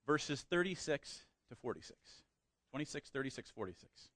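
A man's voice: fairly high pitch, animated, normal speed, no echo. A man preaching a sermon who reads scripture aloud, then preaches with rising emphasis and asks the congregation questions. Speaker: pastor.

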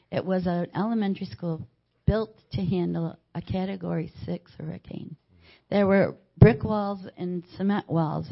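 A woman's voice: lowish voice, vocal fry. An older woman giving a personal faith testimony as a story, animatedly acting out what other people said. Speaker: church member giving a testimony. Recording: dull lo-fi recording.

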